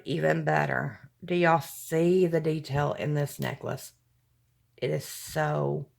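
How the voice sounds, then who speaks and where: A woman's voice: low-pitched, gravelly. A woman, gushing and exclaiming as she opens a gift package at home at night. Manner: gushing, excitable, gasps and exclaims, addresses viewers as y'all. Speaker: vlogger opening a gift package. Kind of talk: casual unboxing chat.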